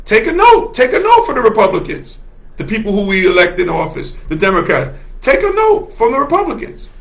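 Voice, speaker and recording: A man's voice: sits high, huge pitch swings, brisk, vocal fry, a bit bright. A man hosting a solo livestream, talking with passion and heavy emphasis, laughing often and repeating himself as he reads viewer comments. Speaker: host.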